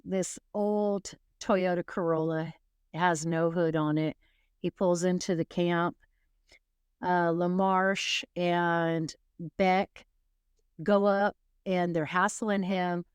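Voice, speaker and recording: A woman narrates a grim case in an easy, conversational way, wandering into asides and restarting her sentences. Her voice sits a little low and clean, taken up close with no room sound. She takes her time with every line. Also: smooth, dry recording. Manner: rambling, self-correcting, wry asides. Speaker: true crime podcast host. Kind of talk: casual true crime storytelling.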